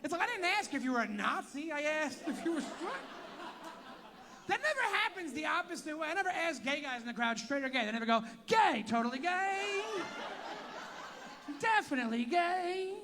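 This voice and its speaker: A man's voice: extremely high pitch, big pitch swings, a little fast, background noise. A man doing profane stand-up crowd work, teasing audience members in a tent venue. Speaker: stand-up comedian.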